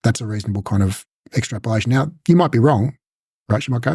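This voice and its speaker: A man's voice: mid-range voice, fast, darkish tone, slightly rough, no echo, studio quality. A man teaching a casual recorded lesson, talking conversationally and acting out short coach and client exchanges. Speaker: instructor.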